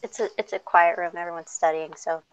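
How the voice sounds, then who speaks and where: A woman's voice: lowish voice, fairly even intonation, a little fast. A woman joking playfully about herself in a casual group voice chat. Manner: self-deprecating, playful. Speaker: chat participant. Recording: dull lo-fi mic with faint hiss.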